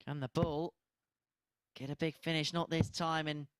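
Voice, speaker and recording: A man's voice: fairly high pitch, flat delivery, moderate pace, slight background noise. A young man co-commentating live darts from the commentary box, giving figures and dry, understated quips. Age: young adult.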